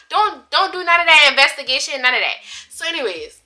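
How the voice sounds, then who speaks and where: A woman's voice: sits high, a little fast. A young woman in a casual storytime vlog, chatty and dramatic, using slang and talking straight to her viewers. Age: young adult. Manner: chatty, animated, dramatic retelling with asides to viewers; drawled slang, casual speech. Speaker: vlogger.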